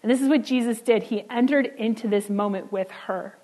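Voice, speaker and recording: A woman preaching a sermon in an earnest way, slowing down and dropping soft on key words. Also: fairly high pitch, low-quality recording.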